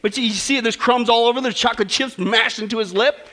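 Male preacher, humorous sermon delivery, quizzes the congregation, sharp high tone. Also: a little fast. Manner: conversational, asks listeners questions, jokes. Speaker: pastor.

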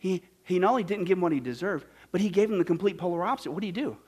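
Animated male pastor from Kansas, high voice, jokey sermon delivery, loud-to-hushed swings. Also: very fast, slightly rough. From Kansas, United States. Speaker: pastor teaching a Bible study.

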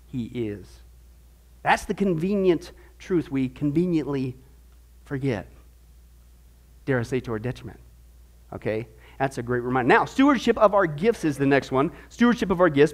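A man teaching a church discipleship class on stewardship, reading scripture and teasing the class with jokes and mock voices. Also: sits high. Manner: jokey, teasing asides, mock voices for the proud.

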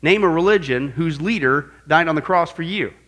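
Male pastor, high voice, bright and forceful tone, emphatic classroom sermon, rhetorical questions. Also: moderate pace. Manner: emphatic, animated, asks audience rhetorical questions. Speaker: pastor teaching apologetics. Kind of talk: classroom-style sermon lesson.

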